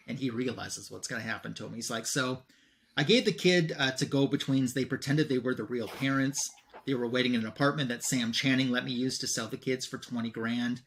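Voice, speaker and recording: Man, co-host, casual comic recap, offhand quoting of characters, mid pitch. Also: fairly quick, a bit bright. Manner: retells scenes with "he's like" quotes.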